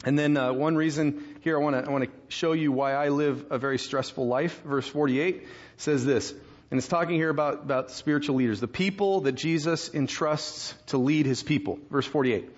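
A man preaching a sermon as pastor, conversational and self-deprecating, breaking into quick asides. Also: on the high side. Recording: slightly dull lo-fi sound.

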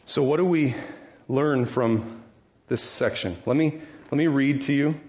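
A man preaching a sermon, retelling a story with animated acted voices. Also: mid-range voice, unhurried. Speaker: pastor. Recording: dull lo-fi sound.

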